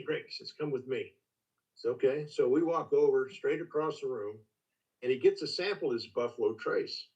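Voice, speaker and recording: An older man telling stories as a master distiller guest in a casual, folksy, halting way. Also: medium pitch, a little mellow. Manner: folksy, halting, with many restarts. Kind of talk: casual storytelling. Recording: distant, dull lo-fi call audio.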